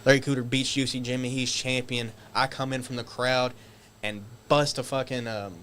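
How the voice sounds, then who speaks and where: A man guest on a podcast, telling stories casually, animated and swearing, acting out shouted quotes. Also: medium pitch, normal speed, a little hiss or hum. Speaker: guest wrestler. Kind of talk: casual storytelling.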